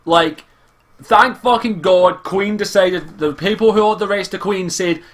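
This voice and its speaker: A man's voice: sits high, a little slow. A Scottish man ranting casually through an anime review, swearing often and sounding exasperated. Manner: profane, exasperated, rambling.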